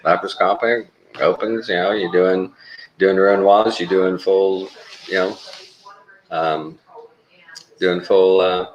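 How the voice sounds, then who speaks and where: A middle-aged man with a very low voice tells rambling, laid-back stories in casual chat. He drawls easily and swears offhandedly. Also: steady tone, slow, pauses often, dull audio. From Texas. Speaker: traveling surgical tech.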